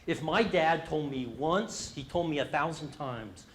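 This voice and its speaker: A man's voice: a little high, lively intonation, measured pace, slight background noise. A middle-aged man presenting a leadership workshop, speaking with animation and asking the audience questions. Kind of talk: interactive leadership workshop talk.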